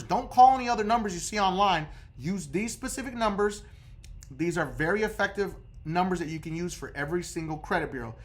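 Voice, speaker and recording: Emphatic man coaching viewers. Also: high-pitched. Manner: emphatic, keeps checking in with the viewer. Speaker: credit repair coach. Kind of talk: casual instructional video.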